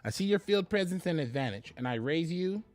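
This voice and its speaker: A man's voice: a little high, expressive, fairly quick, a little mellow, faint music behind. A man commentating live on his own card game play, chatty and laughing, talking to his viewers. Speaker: game streamer.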